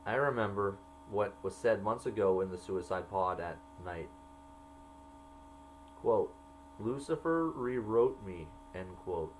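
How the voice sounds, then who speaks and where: A man slowly reading entries from his own jail journal aloud, marking each quoted line by saying quote and end quote. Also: on the low side, animated, a little hiss or hum, low-quality recording.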